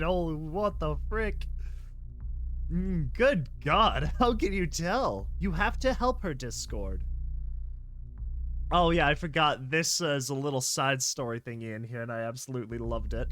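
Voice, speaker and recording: Excitable man reacting with mild swearing. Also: fairly high pitch, a little slow, soft background music. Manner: excitable, swears mildly, laughs and gasps often. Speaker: online reaction host. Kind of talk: reacting to and reading a horror comic slideshow.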